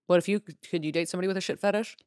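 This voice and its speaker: Low-voiced woman in casual podcast chat. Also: racing, a little mellow, dry recording, clean studio sound. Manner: loose, profane, laughing often. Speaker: podcast co-host. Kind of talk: casual podcast chat, reading listener letters.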